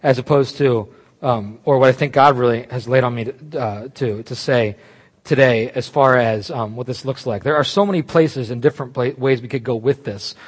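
A man preaching a sermon, animated and emphatic, breaking off into asides and restarts. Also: medium pitch, normal speed, husky, long reverb tail. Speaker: pastor.

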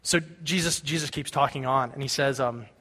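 A man's voice: medium pitch, brisk, bright, forceful tone. A man giving a conversational sermon as a pastor, talking casually and often checking in with his listeners. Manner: casual, keeps checking in with "right?". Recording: long hall reverb.

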